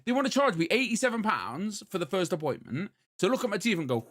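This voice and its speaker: A British man in his thirties, a podcast co-host telling a story in a casual chat, moving between loud bursts and muttered asides. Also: high voice, sing-song, fast talker, few pauses.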